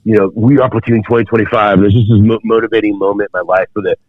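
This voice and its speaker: A man in his fifties with a lowish voice tells a long story as a podcast guest, rambling through fillers and restarts. The audio is dull and very dry. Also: steady tone, fast, dry recording. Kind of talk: storytelling in conversation.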